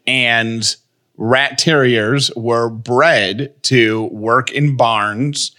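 Man, podcast co-host, bright tone, dry joking, casual chat. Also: medium pitch, steady tone, very slow.

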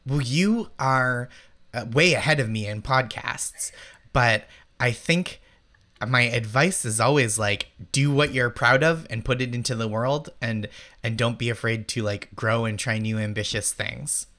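A man in his thirties from Massachusetts, a comedian guest, telling anecdotes in a chatty, animated way. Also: mid-range voice, measured pace. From Massachusetts, United States. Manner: animated storytelling, heavy use of "like". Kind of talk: casual interview chat.

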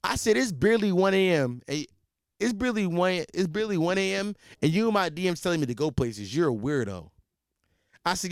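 A man hosting a podcast, telling a comic story in a profane, rambling, animated way. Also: sits high, a little fast, vocal fry, clean tone, dry recording, studio quality. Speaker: podcast host. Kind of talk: comedic storytelling.

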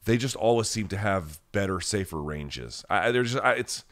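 A man's voice: on the low side, expressive, normal speed, fairly bright tone. A man hosting a podcast live chat, answering viewers in a blunt, rambling, casual way with many restarts.

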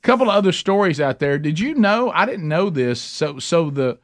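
A man's voice: a little high, very animated, moderate pace, no echo, studio quality. A man co-hosting a talk radio show in casual banter, often stopping to restart, with many fillers.

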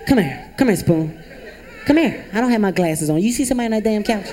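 A man's voice: high-pitched, lively intonation, quick pace. A man playing a suspicious, fed-up mother who calls her son over. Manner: wary then coaxing, gruff. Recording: live club recording with noisy crowd.

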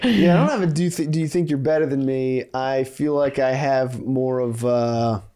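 A man's voice: mid-range voice, normal speed, very noisy. A man in casual podcast chat, adding joking asides and laughing along.

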